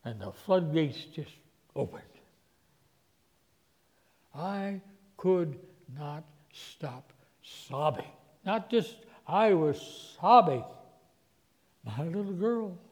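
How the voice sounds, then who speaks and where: A man preaching a sermon, telling a personal story, his voice swinging from hushed to loud. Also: a little high, lively intonation, extremely slow, long pauses, long reverb tail.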